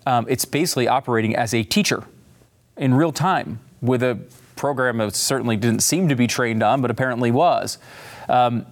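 A man hosting a show, giving excitable, rambling commentary on a tech demo. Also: mid-range voice, moderate pace. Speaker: host. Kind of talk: casual commentary.

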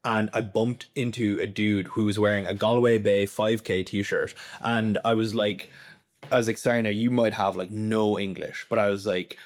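A man's voice: on the low side, steady tone, normal speed. A young Irish man in his twenties, a podcast guest rambling in casual conversation with lots of filler words. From Ireland.

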